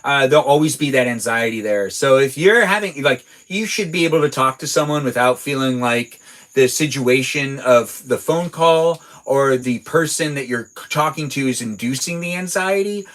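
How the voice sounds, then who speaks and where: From his home garage, a man hosts a casual livestream, rambling playfully as he reads viewer messages aloud and answers them. His mid-range voice is animated and a bit bright at a normal pace, though the audio is poor.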